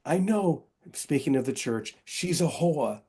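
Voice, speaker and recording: A man imitating an older Catholic man with a thick Boston accent, who delivers a wry, irreverent punchline at a noticeably higher pitch than the man's own voice. The voice sounds a little set back from the mic. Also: expressive, unhurried, warm tone, husky, heavily acted. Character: older Catholic man quipping about church.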